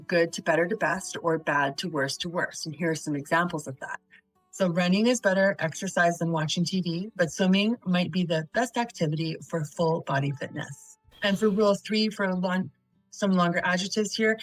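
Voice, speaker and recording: A woman's voice: on the low side, no echo, poor audio. A woman teaching a recorded video lesson on essay writing, methodically reading example sentences aloud and quizzing the viewer before giving the answers.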